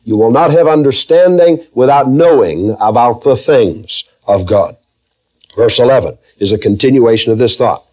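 A man preaching a verse-by-verse Bible teaching sermon, emphatic, slowing down to read scripture aloud and asking the congregation questions. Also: medium pitch, expressive, darkish tone.

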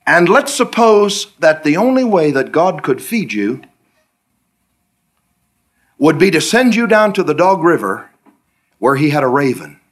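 A middle-aged preacher man delivering a sermon with a fairly high, very lively voice that leaps up on every question. He tells homespun stories and plays out conversations with the Lord. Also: unhurried, long pauses. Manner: storytelling, acts out dialogues with the Lord, pitch swooping high on questions.

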